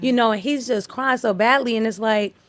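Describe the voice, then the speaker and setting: A woman's voice: a little high, fairly quick, fairly bright tone, dry recording. A woman on a podcast sharing a personal story about raising a grieving child. She talks earnestly and rambles, often checking in with "you know what I mean.". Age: adult parent. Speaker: podcast co-host. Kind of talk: personal conversation on grief.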